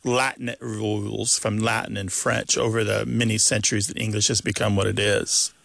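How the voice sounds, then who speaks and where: A man co-hosting a call-in language radio show, explaining word stress to a caller in a lively lecturing way. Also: on the low side, moderate pace, gravelly, no room sound.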